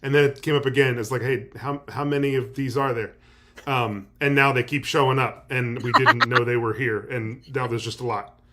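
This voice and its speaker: A man guest on a podcast, musing in a wry, halting way. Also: mid-range voice, steady tone, bright, forceful tone. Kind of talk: casual podcast chat.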